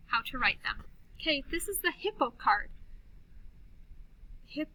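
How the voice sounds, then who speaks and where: A woman teaching first graders a recorded phonics lesson from a classroom, sounding out words slowly, clearly and patiently. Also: sits high, sharp tone, slight background noise, poor audio.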